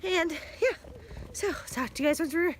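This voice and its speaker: A woman's voice: very high-pitched, normal speed, a little hiss or hum. A sick woman vlogging casually at home and then outside in the snow, rambling to her viewers and her dog on a handheld phone. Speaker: vlogger and mother.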